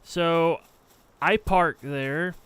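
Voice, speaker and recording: A man's voice: fairly high pitch, drawn-out words, a bit bright, a little hiss or hum. A young adult man streamer casually telling a rambling, profane story on a livestream. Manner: rambling, profane, heated anecdote.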